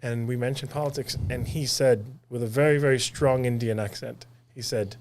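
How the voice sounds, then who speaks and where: Puerto rican guy guesting on a politics podcast, emphatic, repeats himself, normal pitch. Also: fairly even intonation, normal speed, hardly any pauses, darkish tone, a little hiss or hum. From Puerto Rico. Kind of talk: casual political chat.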